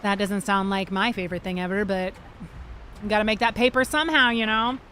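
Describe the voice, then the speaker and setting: A woman streaming a video game, chatting to her viewers, swearing freely and reacting fast to the gameplay. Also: mid-range voice, steady tone, pushed and bright, a little hiss or hum. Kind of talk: casual gameplay livestream chat.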